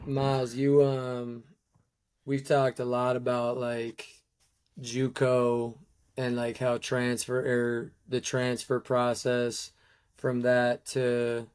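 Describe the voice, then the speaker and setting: A man's voice: mid-range voice, monotone, extremely slow, darkish tone, clean tone. A young man co-hosting a podcast, chatting casually, laughing along and asking long rambling questions. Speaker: podcast co-host. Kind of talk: casual interview chat.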